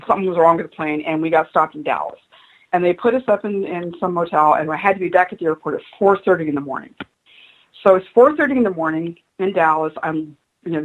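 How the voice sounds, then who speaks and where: Woman guest on a talk radio show, spiritual advisor, lively storyteller who acts out the voices. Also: lowish voice, rough recording. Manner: animated storyteller acting out quoted voices.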